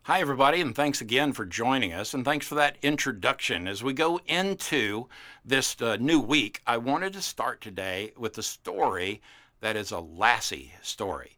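A man's voice: medium pitch, lively intonation, moderate pace, pushed and bright. A man in his fifties preaching a casual, folksy sermon, telling stories with playful character voices. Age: 50s. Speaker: pastor.

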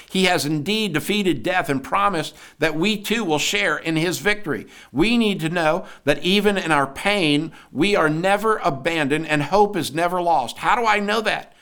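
A man's voice: on the high side, a bit bright. A man giving a devotional podcast sermon, earnest, asking listeners questions and building to emphatic peaks. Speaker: podcast preacher.

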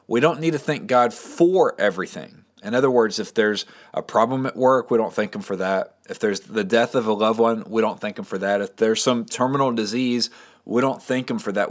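Male pastor, slightly deep, friendly upbeat devotional delivery. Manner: upbeat, encouraging, conversational. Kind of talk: short devotional podcast message.

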